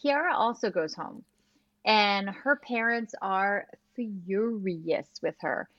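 A woman co-hosting a podcast, chatting casually and retelling scenes with quick quoted lines. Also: medium pitch, dry recording, muffled recording. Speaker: podcast co-host. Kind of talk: casual recap chat.

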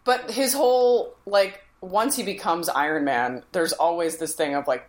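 A woman's voice: fairly low pitch, moderate pace, few pauses. A young adult woman co-hosting a casual podcast, chatty, restarting sentences and laughing as she makes her points. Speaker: podcast co-host. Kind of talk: casual movie discussion.

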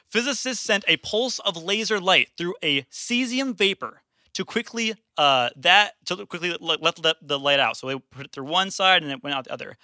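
Excitable fast-talking young man. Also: high-pitched, no room sound, studio quality. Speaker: podcast host presenting science news. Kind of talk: casual chat.

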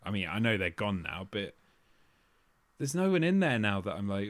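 Casual male co-host, slightly low voice, swears often, acts out others in quick voices. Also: dry recording. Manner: sweary, animated impressions of others. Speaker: podcast co-host. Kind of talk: casual chat.

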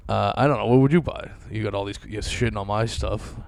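A man's voice: lowish voice, fast talker, creaky, dry recording. A man in casual banter, laid-back and profane, rambling with lots of fillers.

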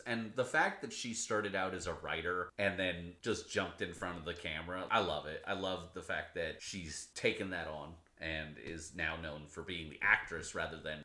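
Deep-voiced man co-host, roomy echo. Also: moderate pace, few pauses, sharp tone. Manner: short enthusiastic agreements. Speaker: podcast co-host. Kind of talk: casual chat.

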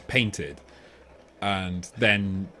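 A man's voice: fairly low pitch, sing-song, very slow, sharp tone, a little hiss or hum. A man co-hosting a film podcast in casual chat, rambling, often restarting, laughing and asking "do you know what I mean.". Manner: laughs often while talking. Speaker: podcast co-host.

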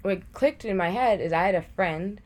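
A woman's voice: medium pitch, moderate pace, darkish tone. A young adult woman telling a personal story in a casual, chatty way, with lots of "like" as she talks. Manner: chatty, heavy use of "like", acts out her own past thoughts. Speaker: podcast guest sharing a personal story.

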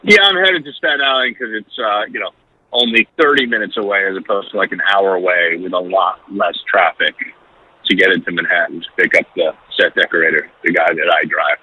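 A man's voice: low-pitched, fairly quick, pushed and bright, breathy edge, dry recording. Man on a breaking-up phone line. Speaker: podcast co-host. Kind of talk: casual chat. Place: inside a moving van. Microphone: phone call.

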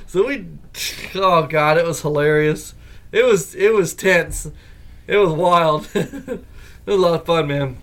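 Give me a lively male podcast host, slightly high-voiced, chatting casually and laughing as he tells stories. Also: slow pace. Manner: animated storyteller who laughs often. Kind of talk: casual chat.

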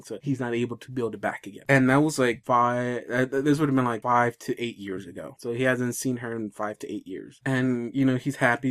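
A young man retells a film in a loose, rambling way, stumbling over restarts. His voice sits in a middle pitch. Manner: rambling, many fillers and restarts. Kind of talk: casual chat, retelling a movie.

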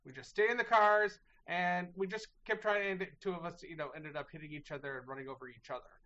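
A man's voice: high voice, steady tone, fast, bright, forceful tone. Earnest man on a dull lo-fi line. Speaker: games journalist on a podcast. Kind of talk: casual podcast chat.

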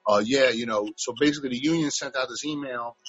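A man with a husky, slightly breathy voice rattles off rambling, profane stories at a quick clip. The sound is dull and lo-fi, as if from a remote call, with a dry, close feel. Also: mid-range voice, a bit bright, no echo. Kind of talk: casual storytelling chat. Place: at home.

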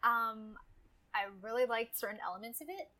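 A woman co-hosting a podcast in casual chat, relaxed and thinking aloud with fillers. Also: a little high, normal speed, low-quality recording. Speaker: podcast co-host.

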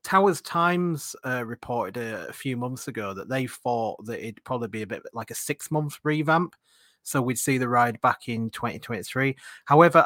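A man's voice: mid-range voice, a bit bright, dry recording, studio quality. A man with a Yorkshire accent who hosts a casual podcast and leads the talk with questions. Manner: chatty, leads the discussion with questions. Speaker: podcast host.

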